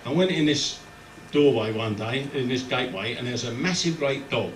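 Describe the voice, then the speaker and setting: A man from London's East End, telling jokes as a stand-up comedian in short, clipped phrases on a club stage. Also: mid-range voice. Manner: brisk punchline delivery in short clipped phrases. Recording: roomy, distant live club recording with background noise.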